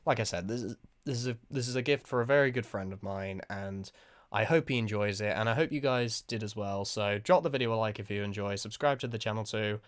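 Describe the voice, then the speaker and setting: A man giving casual, rambling reaction commentary, excitable and quick to laugh. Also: on the low side. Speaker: video reactor.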